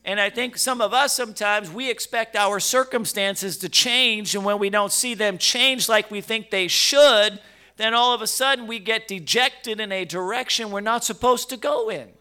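A man preaching a sermon with emphasis and rhetorical questions, repeating words as he goes, swinging from quiet to loud. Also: sits high, moderate pace, smooth.

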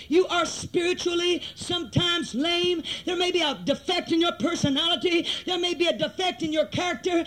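Brief: male revival preacher, very high pitched, impassioned and repetitive delivery. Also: a bit bright. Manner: impassioned, repetitive, calls out to the congregation. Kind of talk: fervent revival sermon. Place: church during a service.

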